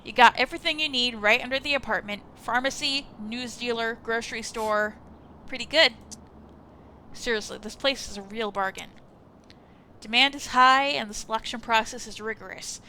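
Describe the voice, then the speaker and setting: A woman's voice: on the high side, normal speed, sharp tone, slight background noise. A woman voicing an awkward, apologetic male sociologist landlord who rambles and stammers, reading a visual novel aloud. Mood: fawning.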